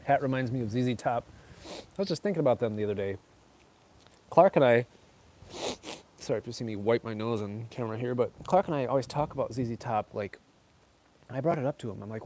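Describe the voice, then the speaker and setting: A man's voice: mid-range voice, a little fast, pauses often, a little mellow. A middle-aged man chatting casually with viewers, rambling and filling his talk with "like" and "you know.". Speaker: streamer answering chat. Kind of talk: casual chat.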